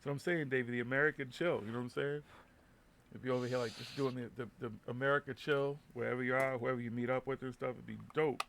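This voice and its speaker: Brief: male host of a live web radio show, gravelly mid-pitched voice, rambling, profane, restarts a lot. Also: steady tone, fast, fairly bright tone, a little hiss or hum. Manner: loose, swearing, laughing, stumbling restarts. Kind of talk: casual live show banter.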